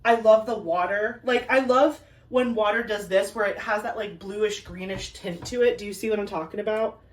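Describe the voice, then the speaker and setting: A woman's voice: medium pitch, normal speed. Gushing woman vlogger, slightly distant mic. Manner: gushing, excitable, chatty with many fillers. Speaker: crafting vlogger. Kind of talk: casual unboxing chat to camera. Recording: a bit distant from the mic, faint ambient noise.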